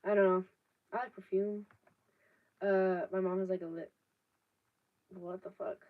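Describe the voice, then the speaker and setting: A woman's voice: medium pitch, flat delivery, a little slow. A 19-year-old woman, chatting casually on a live stream, rambling with lots of fillers and casual swearing. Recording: distant, dull laptop audio.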